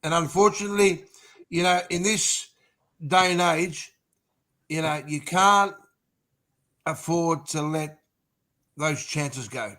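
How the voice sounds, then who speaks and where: A man co-hosting a casual footy podcast, talking in a measured way with many pauses and fillers. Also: a little high, pushed and bright. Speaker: podcast co-host.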